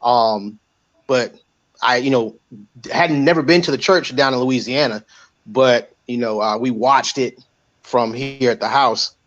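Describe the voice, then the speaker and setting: A man's voice: medium pitch, unhurried. Man chatting on a panel, easygoing, rambles a bit, muffled sound. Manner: relaxed, rambling, many fillers. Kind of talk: casual panel chat. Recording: dull lo-fi mic.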